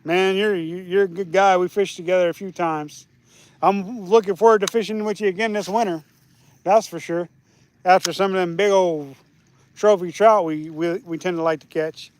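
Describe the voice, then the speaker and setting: Man with a high voice, easygoing rambling streamer, chatting to viewers while fishing outdoors. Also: steady tone, normal speed, no room sound. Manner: easygoing, rambling, restarts often. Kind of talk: casual live stream chat. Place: outdoors by a lake.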